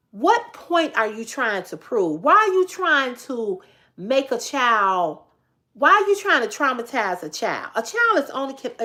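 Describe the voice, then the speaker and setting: A woman hosting a live stream, telling a family story in a blunt, profane, animated way and talking back to her chat. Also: a little high. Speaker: livestream host.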